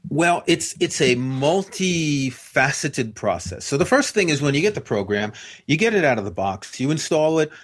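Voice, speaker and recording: A man's voice: fairly high pitch, sing-song, moderate pace. A man with a General American accent, a guest patiently explaining things step by step in an interview. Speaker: guest expert.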